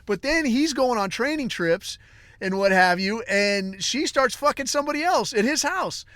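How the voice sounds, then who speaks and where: A man hosting a podcast, telling a long comic story in a rambling, crude way with deadpan asides. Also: extremely high pitch, normal speed, no room sound. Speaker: podcast host.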